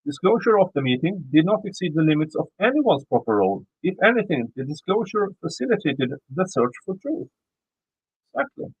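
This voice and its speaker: A man's voice: on the high side, sing-song, brisk, husky, dry recording, muffled recording. Swedish-accented man reading legal text. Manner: stumbling, repeats words while reading. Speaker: YouTube commentator. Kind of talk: reading a legal motion aloud with commentary.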